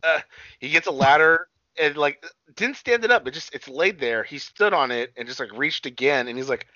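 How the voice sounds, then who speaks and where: A man's voice: a little high, animated, moderate pace, sharp tone, dry recording, lo-fi sound. A man chatting casually as a co-host, rambling with lots of fillers, restarts and swearing. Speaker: podcast co-host recapping wrestling. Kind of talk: casual chat.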